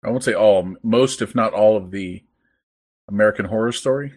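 A man's voice: fairly low pitch, brisk, a little mellow. A man co-hosting a casual podcast chat, easygoing and a little hesitant. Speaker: podcast co-host.

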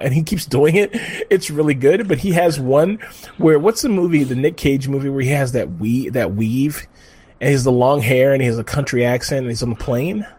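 A man's voice: medium pitch, lively intonation, moderate pace, a little mellow. A man co-hosting a podcast, chatting casually in a rambling, profane way with lots of fillers. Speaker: podcast co-host. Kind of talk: casual chat.

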